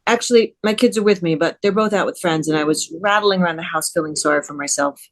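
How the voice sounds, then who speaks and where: A woman reading aloud from her novel and voicing a newly divorced mother who speaks in a tentative, halting way. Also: lowish voice, natural voice. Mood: rueful.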